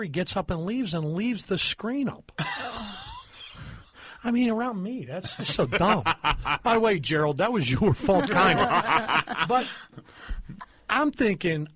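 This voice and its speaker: Podcast host, man, slightly higher voice, husky tone, crude laughing storyteller. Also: lively intonation, measured pace, fairly bright tone, dry recording. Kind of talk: casual storytelling chat.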